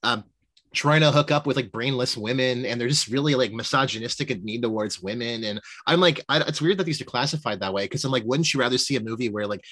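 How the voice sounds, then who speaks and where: Dude hosting a movie podcast, talks real fast, bright voice, swears a bunch. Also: male voice, medium pitch. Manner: fast, swears, laughs along. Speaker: podcast host. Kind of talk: casual movie chat.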